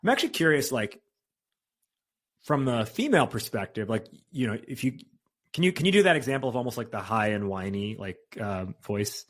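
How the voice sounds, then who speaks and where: A man's voice: medium pitch, lively intonation, brisk. A man hosting a podcast interview over a video call, asking long rambling questions full of fillers and restarts. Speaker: podcast host. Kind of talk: casual interview.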